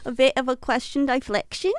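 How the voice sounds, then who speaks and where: A woman's voice: high voice, fairly even intonation, unhurried, smooth, dry recording. A woman guest on a comedy podcast, telling stories about herself in a self-deprecating way and laughing often. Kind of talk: casual comedic chat.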